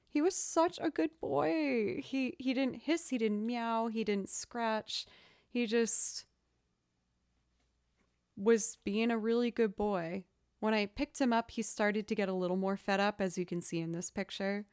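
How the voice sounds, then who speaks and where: A woman's voice: on the high side, measured pace, clean tone, no room sound. Chatty woman streamer, dry close sound. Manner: chatty, expressive storyteller who acts out quoted reactions. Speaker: livestream host answering viewer questions. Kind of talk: casual chat.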